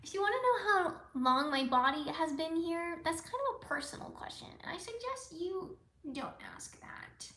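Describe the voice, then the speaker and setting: A woman chats on her livestream, answering viewers in a rambling, playful way full of "like" and sudden whispers. Her voice sits high and bright. The sound carries the echo of a bare room. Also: animated, normal speed. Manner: reads viewer comments aloud and answers them, often dropping into a whisper. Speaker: livestream host. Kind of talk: casual livestream chat.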